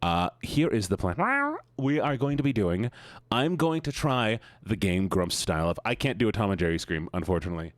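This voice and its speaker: A low-voiced man chats with his stream audience in a teasing, sing-song manner, his pitch leaping up and down constantly. The sound is dry and close, with almost no room around it. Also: animated, a little fast, no echo. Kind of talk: casual chat greeting viewers.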